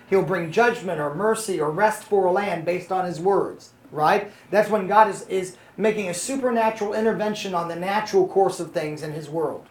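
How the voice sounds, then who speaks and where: A Bible study teacher reads verses aloud to a small group and explains them, frequently pausing to make sure listeners are keeping up. The voice is mid-range, with a roomy sound and slight background noise.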